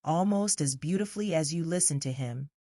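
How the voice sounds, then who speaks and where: A woman narrator voicing a cold, uneasy, wheelchair-bound English gentleman, speaking in a cutting, declamatory way. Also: deep voice, brisk, no echo, studio quality.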